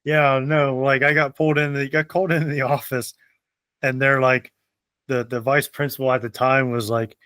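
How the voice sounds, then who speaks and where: A man's voice: mid-range voice, flat delivery, moderate pace, fairly bright tone, smooth, no room sound. A young man hosting a podcast, telling funny stories in casual chat and laughing often. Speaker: podcast host.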